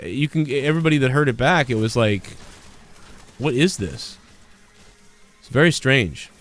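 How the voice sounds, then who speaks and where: Rambling man streaming a game. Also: mid-range voice. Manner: rambling, heated retelling of an argument. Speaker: gaming streamer. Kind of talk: casual live-stream chat while gaming.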